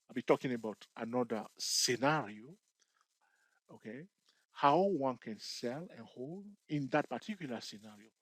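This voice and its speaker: A man walks viewers through stock charts in a tutorial, pitched in an ordinary middle register. He keeps checking in with "you see?" and "okay?" as he points things out. The recording is dry and close, with almost no room sound. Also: slightly rough, no room sound, rough recording. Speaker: trading educator. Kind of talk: screen-share chart tutorial.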